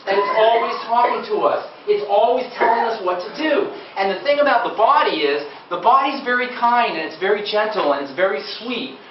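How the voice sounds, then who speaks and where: A man's voice: high voice, lively intonation, a little fast, hardly any pauses, slight background noise. A man giving a live seminar talk to an audience, chatty and asking the listeners questions. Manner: conversational, quizzes the audience. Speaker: nutrition speaker. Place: lecture room with a live audience. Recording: dull, echoey room from far off.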